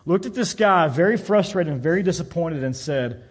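A man's voice: fairly high pitch, lively intonation, normal speed, slightly rough. A man preaching a sermon in a church, telling a story and acting out the voices of its people. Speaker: pastor.

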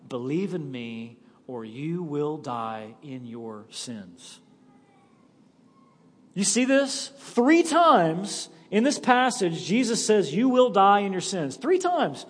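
A man preaching a sermon as pastor, reading scripture slowly and dropping his voice low, then pressing his points hard to the congregation. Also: in a large hall. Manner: emphatic preaching, slows and drops low for scripture. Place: church sanctuary.

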